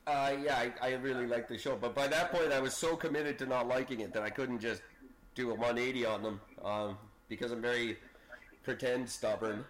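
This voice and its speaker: A man co-hosting a podcast in a mid-pitched voice. He talks loosely and jokes crudely. He swears freely and keeps trailing into ums and restarts. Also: fairly even intonation, fairly quick, fairly bright tone, low-quality recording. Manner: joking, profane, many fillers and restarts. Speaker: podcast co-host. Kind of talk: casual chat.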